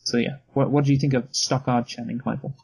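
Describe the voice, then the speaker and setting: Husky man chatting about a film. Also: medium pitch, little pitch movement, fast talker, a little mellow, low-quality recording. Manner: dry, sweary, laughs easily. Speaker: podcast co-host. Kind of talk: casual film review chat.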